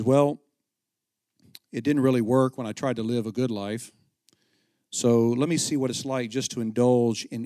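A middle-aged man, a pastor, preaching a conversational sermon with animated storytelling and frequent restarts. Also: mid-range voice, no echo, studio quality.

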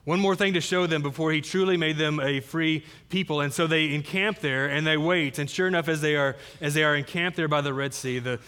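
A man's voice: fairly high pitch, brisk, few pauses, sharp tone, clear, resonant tone. A man preaching a sermon as pastor, earnest, often repeating words as he builds his point.

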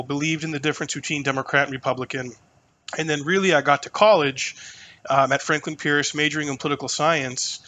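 Animated, swearing man telling stories. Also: on the high side. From New Hampshire. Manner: animated, profane, lots of fillers. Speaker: podcast guest. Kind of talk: casual storytelling conversation.

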